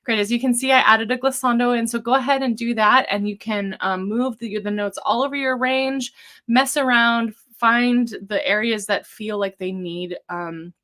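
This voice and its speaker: A woman coaching a vocal warm-up over a live stream, her voice sitting a bit high. She guides the exercises gently and encouragingly, speaking casually with the odd um and restart. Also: normal speed.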